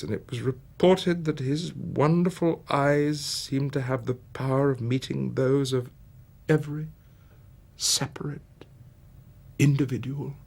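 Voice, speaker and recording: A man's voice: medium pitch, creaky, slightly rough. A man narrating a one-man theatrical story, swinging from dramatic whispers to rising exclamations. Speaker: narrator and performer.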